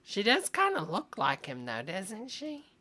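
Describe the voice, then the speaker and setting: A woman's voice: mid-range voice, wildly swooping pitch, unhurried, pushed and bright. A woman hosting a live stream, reacting to videos with chatty, amused commentary and lots of asides. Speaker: host reacting to online videos. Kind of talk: casual commentary livestream.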